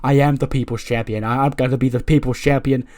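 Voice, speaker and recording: A man's voice: mid-range voice, steady tone, quick pace, darkish tone, lightly acted. A man voicing a whiny, entitled male pro wrestler who petulantly demands his titles. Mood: scolding.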